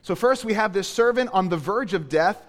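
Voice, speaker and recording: A male pastor giving a sermon, moving between hushed, quiet passages and loud, emphatic preaching. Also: high voice, lively intonation, normal speed, in a large hall. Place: church.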